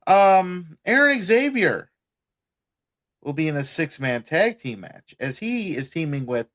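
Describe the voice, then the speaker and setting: A man co-hosting a podcast, reading event details slowly with a laugh now and then. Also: medium pitch, big pitch swings. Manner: slow, drawn-out reading with laughs. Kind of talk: casual podcast chat.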